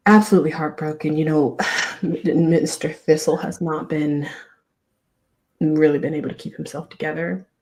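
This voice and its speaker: A woman's voice: low voice, steady tone, normal speed, darkish tone. Woman voicing a flustered camp director lady. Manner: fretful, apologetic, rambling.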